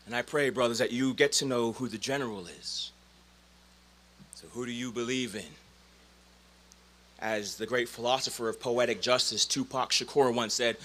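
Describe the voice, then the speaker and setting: A man in his forties giving a commencement speech, storytelling with dramatic swings from loud calls to hushed lines. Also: mid-range voice, fairly even intonation, moderate pace, pauses often. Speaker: commencement speaker.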